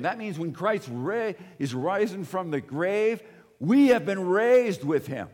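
A man preaching a sermon as pastor, rising loud on key phrases and dropping low and quiet for personal asides. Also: lively intonation, slow pace. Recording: long hall reverb.

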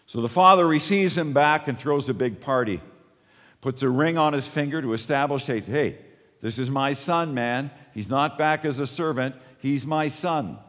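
A man preaching a sermon as pastor, swinging from lively emphasis down to soft, low, drawn-out lines. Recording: long hall reverb.

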